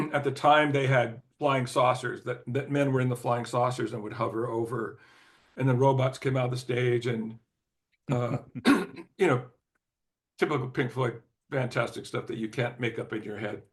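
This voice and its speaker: An older man, a former record executive, telling a rambling anecdote in an interview, with frequent "you know" fillers, restarts, laughs and throat clearing. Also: medium pitch, steady tone, moderate pace. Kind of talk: anecdotal storytelling in conversation.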